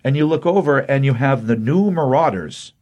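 A man's voice: mid-range voice, normal speed, highs cut off. A man casually recapping a comic book issue, quoting the characters in his own plain voice with lots of ums. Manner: retells scenes quoting characters in a flat voice, many ums.

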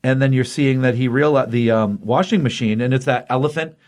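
A man's voice: mid-range voice, brisk. A man casually recapping a comic book issue, chatty and rambling, often acting out the characters' lines. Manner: chatty, rambling, acts out quotes.

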